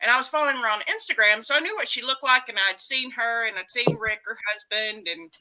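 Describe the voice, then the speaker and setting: Texan woman, chatty livestream host, high and very bright, teasing. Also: lively intonation, fast talker, low-quality recording. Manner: chatty, teasing, greets viewers. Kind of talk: casual live-stream chat.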